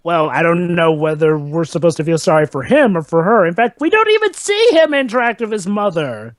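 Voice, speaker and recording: A man's voice: high voice, very animated, brisk, no echo. A young man rambling through a casual movie commentary, often looping on filler words. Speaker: commentary co-host.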